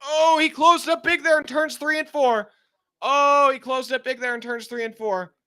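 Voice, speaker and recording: A man live-streaming a car race, giving excited, anxious fan play-by-play and pleading with the drivers, sounding out of breath. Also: very high voice, moderate pace, no echo, studio quality.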